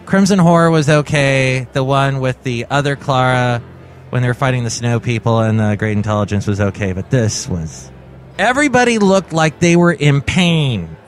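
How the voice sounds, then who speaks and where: A man's voice: medium pitch, lively intonation, moderate pace, faint music behind. A man hosting his own daily podcast from home, rambling in a jokey, sarcastic monologue. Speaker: podcast host. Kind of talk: casual comedic monologue.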